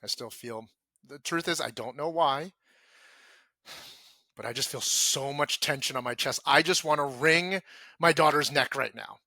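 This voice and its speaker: A man speaking as a podcast guest in earnest conversation, acting out his own inner self-talk and dropping soft and low when he voices quoted feelings. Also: measured pace, gravelly, long pauses, no room sound.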